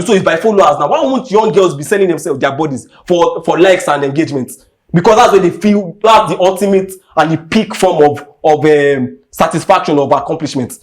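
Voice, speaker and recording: A young Nigerian man hosting a podcast, ranting with heat and emphasis, driving his points home by repeating them. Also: high voice. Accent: Nigerian English. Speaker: podcast host. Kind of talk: impassioned rant.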